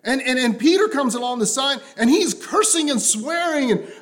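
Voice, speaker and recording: A man preaching a sermon to a congregation, impassioned and repetitive, often dropping to a soft, low voice. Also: very animated, moderate pace, hardly any pauses.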